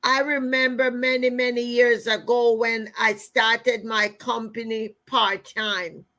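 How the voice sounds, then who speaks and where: A woman in her fifties, a coach giving a motivational talk, speaking deliberately and repeating phrases for emphasis. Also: on the high side, level tone, fairly bright tone.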